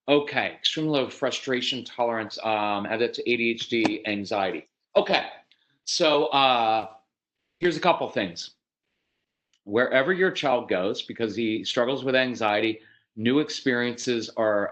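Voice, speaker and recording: A man's voice: medium pitch, fairly bright tone, rough recording. Man giving parenting advice on a video call. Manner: conversational, often eyes closed, acts out child and parent voices. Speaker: parenting speaker. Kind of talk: parenting talk over online video call.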